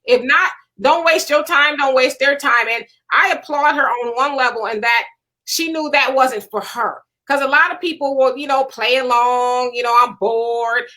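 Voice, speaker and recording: A woman hosting a casual panel chat show, animated and reading viewer comments aloud. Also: high voice, normal speed. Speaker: show host.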